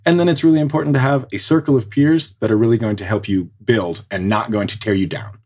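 A man's voice: medium pitch, fast talker, a little mellow. A man co-hosting a podcast, giving earnest, motivational advice and building his points step by step. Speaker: podcast co-host.

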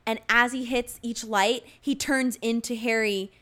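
A young woman in casual conversation, recapping a movie with lots of fillers and animated asides. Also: fairly high pitch, unhurried. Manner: animated, filler-heavy, frequent "like".

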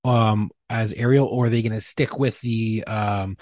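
A man on a podcast making sarcastic, deadpan remarks in casual banter. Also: lowish voice, measured pace, no room sound. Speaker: podcast co-host.

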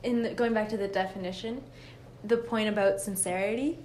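A woman's voice: medium pitch, steady tone, brisk, darkish tone, slight background noise. A young woman co-hosting a podcast, chatting casually, giggly and rambling with many restarts. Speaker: podcast co-host. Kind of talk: casual chat.

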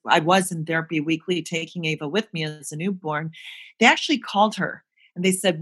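An actress being interviewed, telling a personal story candidly and earnestly, with emotion. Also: female voice, mid-range voice, fairly bright tone. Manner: earnest, emotional, acts out quoted voices. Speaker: guest, actress.

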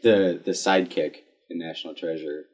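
A man in casual chat who jokes around with quick asides. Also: sits low, steady tone.

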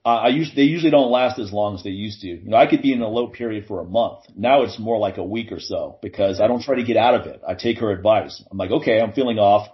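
A man's voice: fairly low pitch, fast talker, hardly any pauses, dull audio. A man in casual conversation, talking in an earnest, reflective and emphatic way.

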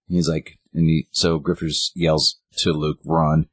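A man with a very low, husky voice talks through a story in a loose, rambling way, slipping into the lines of each character. The recording is dry and close, with no room sound. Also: flat delivery, normal speed, hardly any pauses, dry recording. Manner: rambling, acts out quotes with "he's like". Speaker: podcast co-host. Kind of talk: casual chat retelling a comic.

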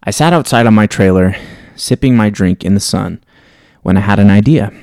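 Low gravelly man telling a story. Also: moderate pace, a little mellow, no room sound, clean studio sound. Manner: reflective, wry storytelling. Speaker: podcast host. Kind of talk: reading a personal story aloud, then casual sign-off.

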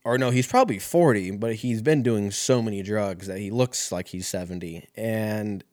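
A man's voice: on the low side, normal speed, a little mellow, no echo, clean studio sound. A young man telling a rambling, profane story in a casual way, often laughing.

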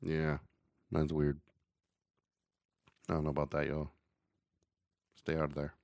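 A man's voice: a bass voice, monotone, unhurried, vocal fry, a little mellow, no room sound, studio quality. A man hosting a casual podcast, rambling and joking as he reads the news. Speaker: podcast host.

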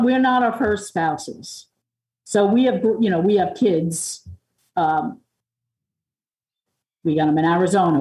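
A middle-aged woman from Long Island with a mellow, warm voice, recorded in an echoey room. She sits a little away from the microphone. She tells personal stories candidly and rambles, with plenty of fillers and restarts. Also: fairly low pitch. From Long Island, New York. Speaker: podcast guest, music producer and author. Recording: roomy and distant from the mic.

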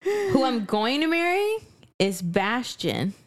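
A woman's voice: fairly high pitch, big pitch swings, takes it slowly. A woman co-hosting a podcast, playful and slangy, laughing as she chats about books. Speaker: podcast co-host. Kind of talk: casual book club chat.

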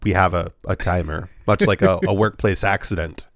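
A man's voice: deep voice, fairly even intonation, moderate pace, no echo, clean studio sound. A man co-hosting a comedy podcast, teasing his partner and laughing often. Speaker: podcast co-host. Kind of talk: casual comedic podcast banter.

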